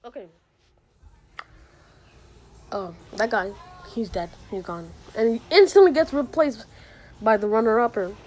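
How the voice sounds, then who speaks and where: A woman's voice: on the high side, expressive, measured pace, long pauses, a little mellow, poor audio. A woman casually retelling a made-up fantasy story, rambling with many fillers, restarts and asides.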